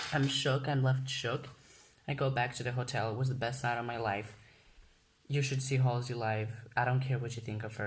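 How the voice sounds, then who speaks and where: A young man tells a casual story-time vlog, gushing and excitable, swearing freely. His voice sits at a middling pitch. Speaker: vlogger.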